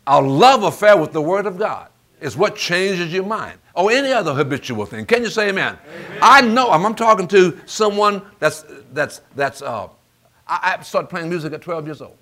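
A man preaches with a drawl, his voice sitting a little high and swinging widely up and down. He works the congregation, calling out for amens as he goes. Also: normal speed. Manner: animated call-and-response preaching, asks for amens. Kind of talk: sermon.

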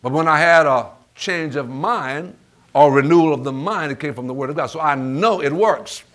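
A man preaching a sermon in an animated call-and-response style, asking the congregation for amens. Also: a little high, normal speed.

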